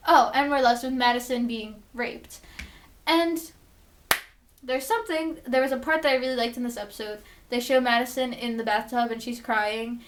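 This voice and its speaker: Excitable young woman recapping a TV episode. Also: fairly high pitch, normal speed. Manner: chatty, excitable, swears, acts out quotes. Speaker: vlogger.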